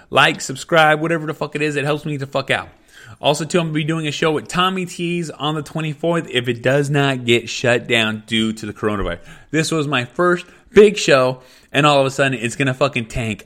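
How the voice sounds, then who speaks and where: A man ranting angrily and profanely as a podcast host, in a loud comedic tirade. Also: on the high side. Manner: angry, profane, shouting rant.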